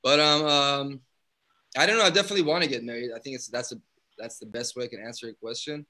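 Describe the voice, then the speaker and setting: A man's voice: medium pitch, steady tone, fast talker, bright, forceful tone, low-quality recording. A young adult man, a rapper from Iran, telling a story in a casual live interview, acting out the quotes and laughing often. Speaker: guest rapper.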